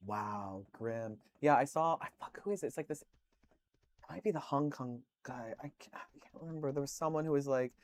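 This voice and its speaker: A man's voice: mid-range voice, moderate pace, a little hiss or hum. A man streaming, chatting casually with viewers, telling rambling stories full of swearing and fillers.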